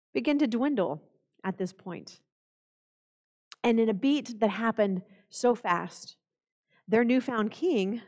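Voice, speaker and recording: A woman pastor preaching a sermon in a church, slow and solemn, quoting scripture. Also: mid-range voice, big-room sound. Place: church sanctuary.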